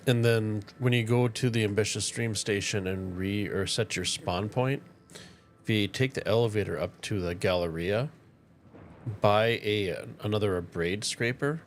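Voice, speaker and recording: Soft background music plays behind this man's fairly low voice, which moves at normal speed. He's from northern Minnesota and has the accent to match, casually chatting with viewers during a game live-stream from his tiny home in a relaxed way.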